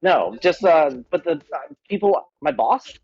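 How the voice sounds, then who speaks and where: A man's voice: on the high side, lively intonation, measured pace, darkish tone, breathy edge, dull audio, exaggerated voice. A man playing a hesitant, sheepish adventurer. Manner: hesitant, full of fillers. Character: male adventurer, sheepish and unsure of himself. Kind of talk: tabletop role-play.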